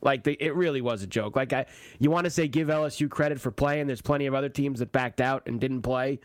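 A man's voice: mid-range voice, quick pace, dry recording. A man hosting a sports radio show, talking in an emphatic, mocking way and repeating himself.

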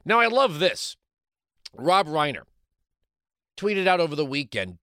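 A man's voice: a little high, very animated, a little slow, long pauses, sharp tone, clear, resonant tone, no echo, studio quality. A man hosting a political talk show, delivering a combative, sarcastic commentary monologue.

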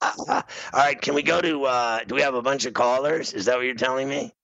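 A middle-aged man hosting a radio show, telling a comic story in an animated way. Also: a little fast, vocal fry, dry recording, muffled recording. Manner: animated storyteller, bursts into high screaming. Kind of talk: comedic storytelling.

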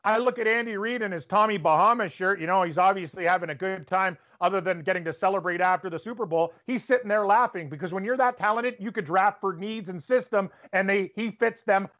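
A man from Canada holds forth on a sports podcast with a high, lively voice. He rants with strong opinions. The audio is dull and lo-fi. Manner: animated, opinionated, quick to rant. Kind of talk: casual sports debate.

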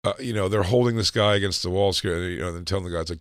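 A man's voice: fairly low pitch, quick pace, no room sound, studio quality. A man co-hosting a podcast, telling a story in casual, profane chat and acting out the people in it. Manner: profane, animated storytelling, acts out quotes. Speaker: podcast co-host.

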